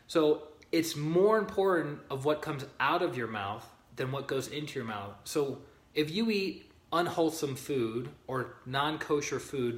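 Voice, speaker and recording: A man with a mid-range voice leads a spiritual teaching session in a relaxed, conversational way. He reads passages aloud, stops to greet people by name, and keeps asking whether they follow. The sound carries a roomy echo. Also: medium pitch. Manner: conversational, greets viewers by name, checks in with "okay?" and "right?". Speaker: spiritual teacher leading a group. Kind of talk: informal livestream teaching, reading aloud from a book.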